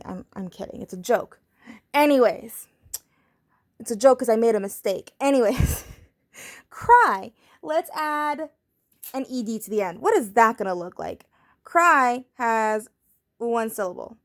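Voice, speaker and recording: In a recorded spelling lesson for third graders, a young woman with a fairly high voice is playful and pokes fun at herself. She spells each word out slowly, letter by letter.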